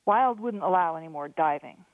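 Female author-narrator, steady storytelling, thin phone-like dry sound. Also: fairly low pitch, moderate pace, no echo. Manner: steady storytelling, lively voices for dialogue. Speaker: author reading her own novel. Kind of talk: audiobook narration.

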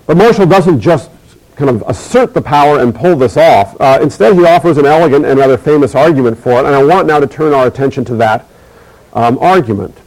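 A middle-aged man giving a recorded university lecture, measured and emphatic, slowing to repeat key phrases. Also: medium pitch, expressive, darkish tone, rough recording.

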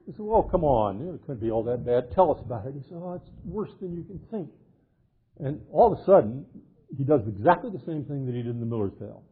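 An older man, a literature professor, giving an animated lecture and cheerfully acting out the characters of a medieval tale, reading old verse aloud. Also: medium pitch, quick pace, breathy edge. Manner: jovial, acts out quoted characters, reads old verse aloud. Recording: tinny phone-like lecture recording.

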